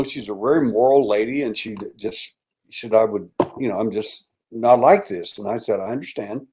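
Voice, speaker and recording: An older man appears as a guest in an interview and narrates a story with animation, acting out quoted voices and falling to a hush. He speaks at normal speed with a medium pitch.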